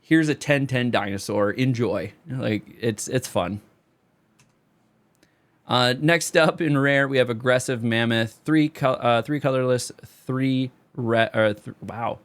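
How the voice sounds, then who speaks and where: A young man rambling casually through card reviews, his voice going hoarse and straining on high notes. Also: slow pace. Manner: loose, rambling, sings a repeated catchphrase. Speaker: card game video creator.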